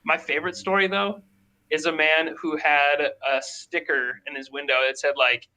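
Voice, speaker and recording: Man, bright tense voice, higher pitch, casual animated storytelling. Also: moderate pace, slight background noise, poor audio. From Minnesota. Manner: animated storyteller, acts out quoted people. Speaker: podcast guest.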